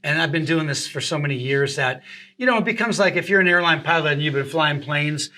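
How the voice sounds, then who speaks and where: A man's voice: a little high, fairly quick. A man, an impressionist and radio host, animatedly telling show-business anecdotes in a casual interview. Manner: animated, laughs through stories.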